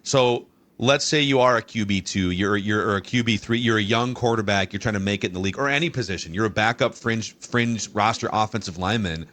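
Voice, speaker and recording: A man's voice: on the low side, brisk, a bit bright. A man hosting a casual sports podcast, agreeing with his co-hosts and posing follow-up questions. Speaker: podcast host.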